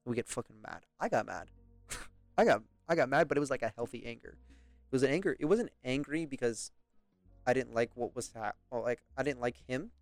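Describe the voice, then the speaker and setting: A man's voice: medium pitch, lively intonation, a little fast, vocal fry, no room sound, faint music behind. A young British man rambling through a story in casual podcast chat, swearing and laughing often. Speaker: podcast host.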